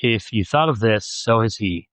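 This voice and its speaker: A man's voice: fairly low pitch, animated, moderate pace, a bit bright, no room sound. A man reading an audiobook, voicing a sardonic, scared young man with a dry, sarcastic delivery. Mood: dark.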